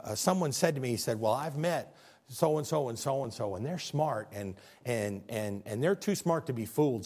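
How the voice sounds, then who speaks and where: A man's voice: mid-range voice, breathy edge. A middle-aged man, a pastor from Illinois, preaching a folksy sermon in church, joking and then pressing the congregation with questions. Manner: folksy, joking preacher swinging between hushed asides and loud exhortation.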